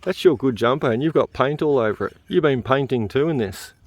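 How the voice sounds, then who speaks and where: A man hosts a casual detecting vlog out in a field, speaking in an expressive mid-range voice at a slightly fast clip, with no echo. He chats freely, laughs easily and drops many "uh" fillers.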